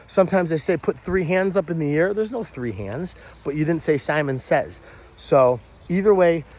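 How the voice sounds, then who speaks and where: A young adult man who works as a party entertainer, explaining kids' party games in an energetic how-to style and breaking into loud high shouts when he acts out the calls.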